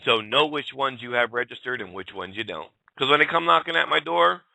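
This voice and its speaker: A man's voice: medium pitch, animated, brisk, creaky, hardly any pauses, sharp tone, no room sound. A man hosting a talk radio show, ranting bluntly and addressing his listeners as folks. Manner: blunt, fired-up, swears and addresses folks directly. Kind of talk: casual talk radio rant.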